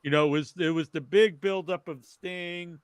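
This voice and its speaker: A man's voice: a little high, fairly even intonation, normal speed, smooth, no echo. A man hosting a podcast, reading out trivia and then chatting loosely with lots of fillers. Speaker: podcast host. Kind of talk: casual wrestling chat.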